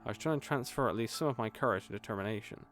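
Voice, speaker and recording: A man's voice: mid-range voice, very fast, over music. A man, a gaming streamer, reading a horror visual novel aloud with casual, swearing asides.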